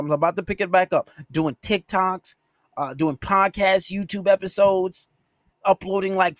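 A man's voice: high-pitched, a bit bright, dry recording, clean studio sound. A man hosting a solo podcast, ranting at his listeners in a scolding, profanity-heavy way. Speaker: podcast host and dating coach.

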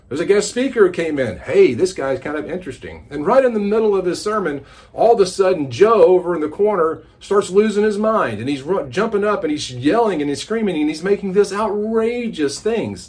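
A man hosting a casual devotional podcast, teaching the Bible as an animated, conversational storyteller. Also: high-pitched.

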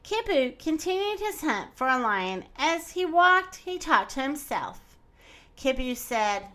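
A woman reading a children's storybook aloud in an expressive, animated way. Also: sits high, a little slow.

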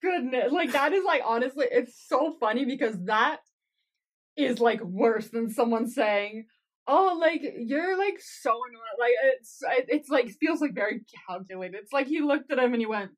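A woman co-hosting a casual podcast recap. Her voice sits high, and she reacts with frequent giggles and animated asides, now and then acting out the characters herself. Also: normal speed. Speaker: podcast co-host.

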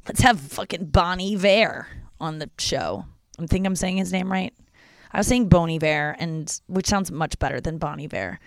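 A woman's voice: lowish voice, normal speed, creaky, no room sound, clean studio sound. A young woman hosting a casual solo podcast from her porch at home, chatty and rambling, swearing freely. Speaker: podcast host.

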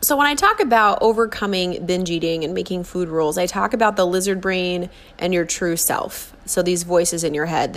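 Earnest woman in her forties coaching. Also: on the low side. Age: 40s. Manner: earnest, coaxing, acts out inner voices. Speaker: self-help speaker. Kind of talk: motivational monologue.

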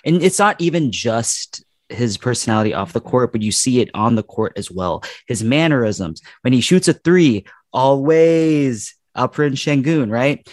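A man's voice: medium pitch, expressive, normal speed, few pauses, a little mellow, no echo, clean studio sound. A man co-hosting a casual sports chat, enthusiastic and rambling with fillers.

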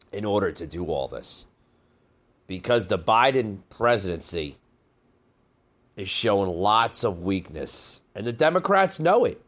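A man hosts a political podcast in a relaxed, conversational style, often addressing his listeners as folks. His voice is mid-range, and the audio sounds dull.

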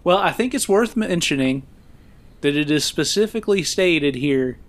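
A man's voice: fairly high pitch, animated, normal speed. A man co-hosting a casual film-review podcast, recapping the plot with fillers and frequent laughs. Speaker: podcast co-host.

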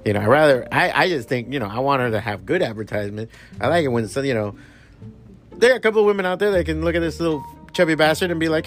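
A man's voice: on the high side, fast, faint music behind. A man hosting a podcast, ranting bluntly with heavy swearing and bits of Spanish slang. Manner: profane, blunt and animated. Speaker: podcast host. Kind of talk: casual ranting commentary.

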